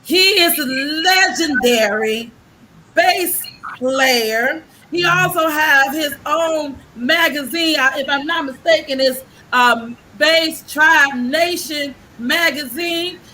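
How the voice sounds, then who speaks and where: A woman hosts a live stream show, bubbling over with excitement as she calls in her guests. Her voice sits high and sounds bright. A faint hiss runs under the video-call audio. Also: takes it slowly, low-quality recording. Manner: excited, effusive, laughing and shouting greetings. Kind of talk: enthusiastic live stream introductions.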